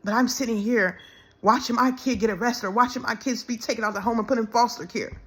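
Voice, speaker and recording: A woman speaking in an emotional personal monologue, halting and repeating words, close to tears as she pleads. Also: a little high, steady tone, fairly bright tone. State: tearful, close to crying. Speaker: self-described minister.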